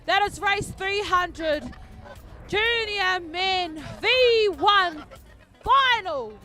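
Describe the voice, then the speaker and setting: A woman giving chatty, joking, excitable live commentary on a canoe race outdoors. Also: very high voice, extremely slow, soft background music.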